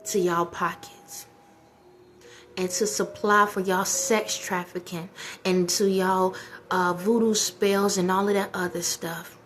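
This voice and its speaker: A woman's voice: mid-range voice, little pitch movement, slow pace, a bit bright, soft background music. Heated woman ranting in rhetorical questions. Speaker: vlogger. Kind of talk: casual ranting monologue.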